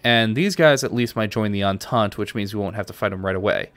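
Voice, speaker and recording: Low-voiced man casually streaming a game. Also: brisk, a bit bright, no echo. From New York. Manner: chatty, answers chat between moves. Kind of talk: casual live-stream gameplay commentary.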